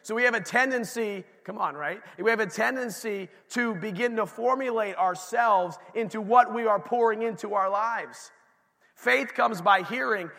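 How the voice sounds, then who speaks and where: A middle-aged man preaching in a church sanctuary, his voice high and gravelly. He sounds bright and forceful, and long hall reverb trails his words. He talks in an animated way, acting out dialogue and then dropping into quiet asides. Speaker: pastor. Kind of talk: sermon.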